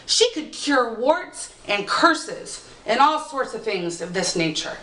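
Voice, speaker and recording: A woman storyteller recounting a folk tale, slowing down and lifting her fairly high voice for dramatic effect. She sounds a little far from the mic in a roomy, echoing space. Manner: expressive, dramatic pacing with slowed emphasis.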